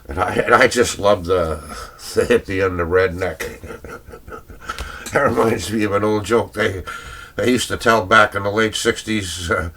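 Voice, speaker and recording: Older guy flipping thru old 45s, slow easygoing talk, kinda rambly and chuckly. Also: lowish voice, bright, forceful tone, husky. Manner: rambling, chuckling, searching for names aloud. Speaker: record collector showing his 45s. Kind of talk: casual rambling record browsing.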